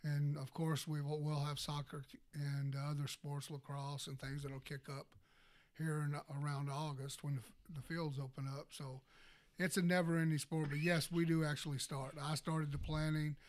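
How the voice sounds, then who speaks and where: A male parks and recreation director being interviewed on local radio. He speaks slightly high but in a flat, even tone. He answers steadily, hesitating and padding with "you know.". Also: normal speed.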